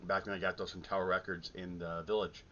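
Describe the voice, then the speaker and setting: A man's voice: flat delivery, quick pace, sharp tone. A middle-aged man from the American Midwest, chatting casually and rambling with many ums and restarts in a vinyl collecting vlog. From Milwaukee, Midwest US. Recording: dull lo-fi sound with faint rumble.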